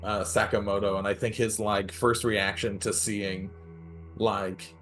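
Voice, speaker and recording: A man's voice: lowish voice, flat delivery, a little slow, fairly bright tone, soft background music. A man playing a tabletop game who explains his moves in a rambling way, full of "like" and restarts. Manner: rambling, with lots of "like". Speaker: player. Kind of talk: casual tabletop play.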